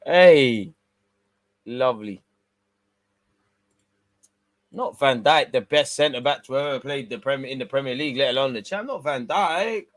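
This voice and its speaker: A young man talks through a live match for his stream, mixing calm play-by-play with quick jumps into excitement. His slang-heavy banter comes at a mid-range pitch. The sound is dry and close, with no room around it. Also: no echo. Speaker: watch-along host. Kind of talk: live football watch-along commentary with banter.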